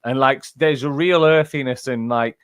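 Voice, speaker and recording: A man from England talks through his narration work in a loose, rambling way, full of fillers and self-corrections. His voice sits at an ordinary mid pitch. The sound is dry and close, with no room echo. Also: normal speed, a bit bright, clear, resonant tone. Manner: rambling, many fillers and restarts. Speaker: audiobook narrator. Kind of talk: casual chat.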